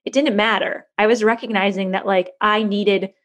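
A woman in her thirties telling a personal story in a candid interview, lively and chatty, acting out the voices of people she quotes. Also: mid-range voice, normal speed. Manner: animated, acts out quoted voices, frequent "like" fillers. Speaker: guest.

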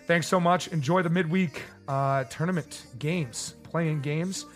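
A man's voice: a little high, a little slow, faint music behind. A man co-hosting a casual sports podcast, running through his tournament picks in a loose, chatty way. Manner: loose and chatty, with laughs and acted-out quotes. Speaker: podcast co-host.

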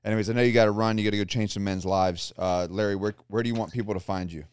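A man hosting a podcast in a low, smooth, resonant voice. He builds his questions slowly, repeating words as he goes. The recording is dry and close. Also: steady tone, no room sound. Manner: rambling, repeats himself while framing questions. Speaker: podcast host. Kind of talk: casual interview questions.

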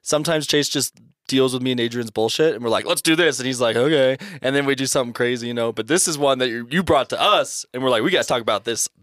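A man's voice: medium pitch, quick pace, fairly bright tone, dry recording, studio quality. A man co-hosting a podcast, chatting casually and easygoing with friends. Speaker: podcast co-host.

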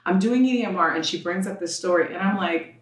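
A woman's voice: lowish voice, fast talker. A woman in her thirties, a podcast guest telling a raw, emotional personal story and acting out the voices in it. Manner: raw, emotional, acts out quoted exchanges. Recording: roomy sound from a distant mic.

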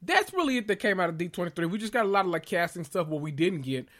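A man hosting a casual podcast, excitable and swearing freely as he calls out to listeners, a little out of breath and sweating after a big meal. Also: sits high, fast. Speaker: podcast host. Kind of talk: casual pop-culture recap podcast.

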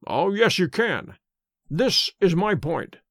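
A man voicing a calm, incisive Victorian male detective who speaks in a measured, dry, assured way. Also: sits high, no echo, full character voice.

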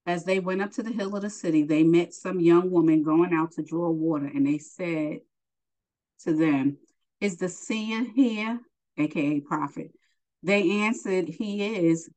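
A woman's voice: deep voice, fairly even intonation, moderate pace, a little mellow, low-quality recording. A woman teaching a Bible lesson, reading scripture aloud and stopping to explain it in casual asides.

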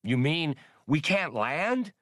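A fussy, anxious skip tracer squawks high and shrill, as a man reads him aloud. The voice sits well above a plain narrating tone and jumps about. It sounds dry and close. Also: big pitch swings, slow, fairly bright tone, no echo, full character voice.

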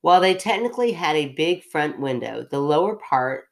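A woman with a low voice reads a story aloud on a podcast. She keeps breaking off into chatty, self-interrupting asides and laughs at herself. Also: lively intonation, moderate pace. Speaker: podcast host reading a story.

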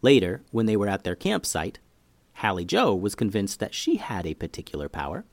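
A man reading a children's story aloud, with lively, expressive storytelling. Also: on the low side, normal speed, no echo.

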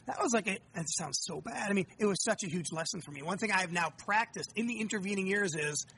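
A man's voice: high voice, fast talker, sharp tone, a little hiss or hum. A man in his forties, a guest author, telling candid stories about fatherhood in casual conversation, with frequent swearing. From United States.

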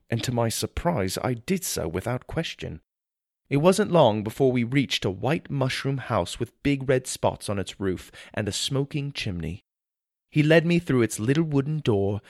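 A man narrating a children's fantasy story in the first person, with an expressive, wonder-filled delivery. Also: medium pitch, normal speed, gravelly, no room sound.

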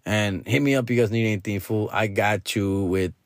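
A man's voice: a little fast, no room sound, clean studio sound. A middle-aged man hosting a podcast, telling a story in a casual, profane, slangy way with Spanish phrases mixed in. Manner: jumps to loud high mock voices for quoted people. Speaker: podcast host.

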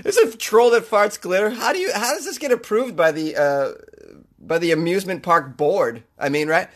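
In a comedic monologue, a podcast host with a Boston accent rambles and riffs with sarcasm. He talks at a moderate pace in a high-pitched voice with lively intonation.

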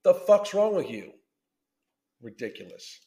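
A man's voice: high-pitched, sing-song, a little slow, dark tone. A man hosting a podcast, ranting through a blunt, combative reaction commentary full of swearing. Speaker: podcast host. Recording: roomy echo.

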